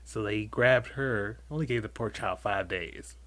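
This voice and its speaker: A man co-hosting a casual podcast, chatty and easily excited. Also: fairly low pitch, a little slow. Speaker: podcast co-host. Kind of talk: casual chat.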